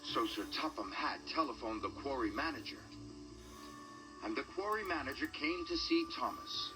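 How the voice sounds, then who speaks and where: A man reads a children's story aloud in a mid-range voice with animated, lively rises and falls. Background music plays clearly under his narration. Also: mid-range voice, normal speed. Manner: expressive, animated reading. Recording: music bed behind the voice.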